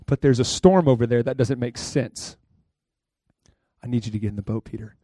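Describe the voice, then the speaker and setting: A man doing a low, soft-spoken Jesus. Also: moderate pace, no echo, natural voice. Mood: insistent. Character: calm commanding Jesus, grown man.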